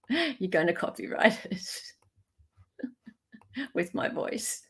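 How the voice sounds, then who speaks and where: A woman's voice: medium pitch, lively intonation, very slow, slightly rough. An Australian woman hosting a livestream in casual chat, reading out viewer comments, thanking viewers by name and laughing often. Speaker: livestream host.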